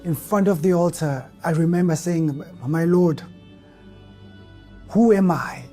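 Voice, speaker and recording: A man's voice: a little high, measured pace, mellow, soft background music. A man giving a personal church testimony, speaking earnestly and with a heavy stutter that repeats the first syllables of words. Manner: earnest, emotional, rising to fervent outbursts.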